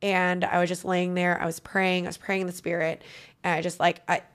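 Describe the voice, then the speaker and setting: A woman's voice: fairly low pitch, little pitch movement, fairly quick, fairly bright tone, clear, resonant tone. A woman giving a guest interview, telling a personal story in an earnest, emotional way.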